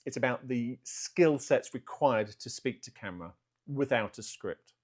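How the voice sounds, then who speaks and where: A man vlogs unscripted for his art channel from a room in his home, speaking to camera in a mid-range voice. He's self-conscious about his delivery, working to keep it slow and deliberate, though fillers still get in.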